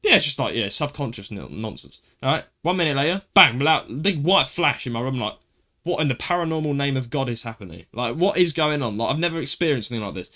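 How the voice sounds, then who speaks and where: A man co-hosting a casual podcast, telling a story in an animated way and calling his friend "mate.". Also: mid-range voice, quick pace. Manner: animated storytelling, swearing, says "mate" a lot. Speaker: podcast co-host. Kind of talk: casual chat.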